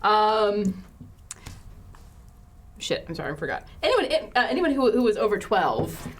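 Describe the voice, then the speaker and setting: A woman's voice: mid-range voice, sing-song, unhurried, slight background noise. A woman running a tabletop game as dungeon master, often restarting her sentences.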